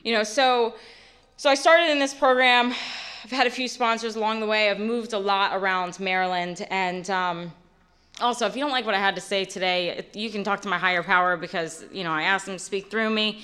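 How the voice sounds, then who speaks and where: A woman's voice: medium pitch, steady tone, brisk, pushed and bright. A woman in her late twenties giving a candid, rambling personal testimony at a recovery meeting, full of fillers. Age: late 20s.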